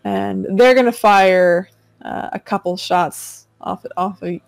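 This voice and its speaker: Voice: medium pitch, slow pace, creaky, smooth, dry recording. A game master casually narrating a tabletop pirate battle for players. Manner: casual, describing action with fillers.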